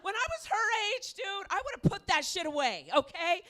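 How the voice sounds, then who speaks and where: A woman's voice: extremely high pitch, expressive, moderate pace, sharp tone. A woman doing a stand-up set on a comedy club stage, telling a brash, profane story into a handheld mic.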